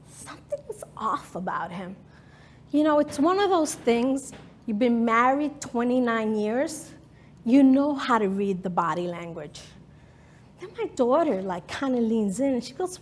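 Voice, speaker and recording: Slow, husky woman telling a story. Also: a little high, expressive. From New York. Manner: dramatic present-tense storytelling, emotional. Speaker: speaker. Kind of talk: personal storytelling talk.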